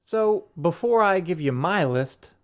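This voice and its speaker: A man's voice: sits high, lively intonation, unhurried. A young man co-hosting a casual podcast, playful and jokey, tasting beers and reading labels aloud. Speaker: podcast co-host. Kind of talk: casual chat and beer tasting.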